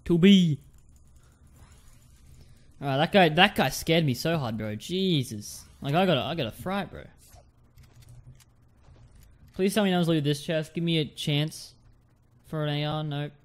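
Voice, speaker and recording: A man's voice: a little high, moderate pace, pauses often. A young man with a light Australian accent giving casual gameplay commentary to viewers, often repeating his words. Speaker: gaming streamer.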